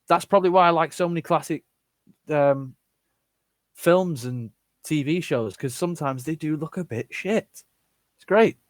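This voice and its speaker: A man's voice: on the high side, moderate pace, long pauses, dry recording. Blunt, swearing man in casual chat. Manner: blunt, swears freely, reads comments aloud and reacts. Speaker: channel host answering live chat. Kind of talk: casual live-stream chat.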